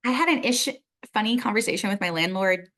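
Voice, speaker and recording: A woman's voice: mid-range voice, expressive, quick pace, fairly bright tone. An American woman talking as a podcast guest, candid and chatty, sharing personal stories in a casual conversation.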